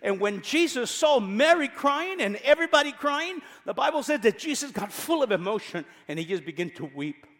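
A male pastor preaching a sermon, emphatic, repeating key phrases and swinging between loud passages and quiet ones. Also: extremely high pitch, big pitch swings, moderate pace, few pauses, long reverb tail.

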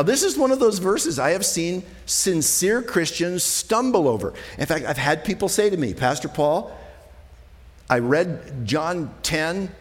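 A man preaching as a pastor, talking conversationally, moving between quiet, slow passages and emphatic ones. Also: mid-range voice, long reverb tail. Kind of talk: sermon.

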